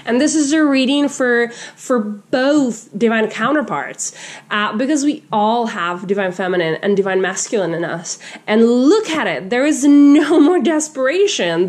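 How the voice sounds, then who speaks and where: A woman with a somewhat high voice gives a relaxed tarot reading to her viewers. She talks in an effusive, heartfelt way, full of "like" and "you know" and with frequent restarts. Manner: effusive, many fillers and restarts. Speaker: tarot reader. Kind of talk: casual spiritual tarot reading.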